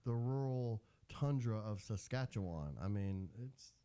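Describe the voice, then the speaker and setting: Young man with a mellow, teasing voice. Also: fairly low pitch, animated, unhurried, smooth. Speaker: radio show co-host. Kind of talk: casual radio banter.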